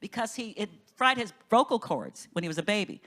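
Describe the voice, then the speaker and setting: A woman minister giving an inspirational conference talk in a lively storytelling manner, often rising high with enthusiasm. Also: fairly quick.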